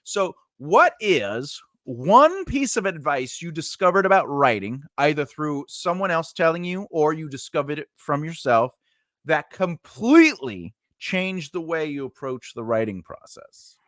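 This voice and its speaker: A man's voice: a little high, big pitch swings, unhurried, fairly bright tone, dry recording, studio quality. A man with a New York accent hosting a podcast interview in a casual, joking way, laughing often. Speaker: podcast host.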